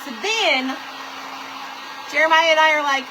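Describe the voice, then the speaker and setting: A woman's voice: high voice, expressive, unhurried, noisy background. A woman telling a story during a live stream, greeting viewers by name as she chats. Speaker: livestream host. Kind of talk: casual storytelling while reading live comments.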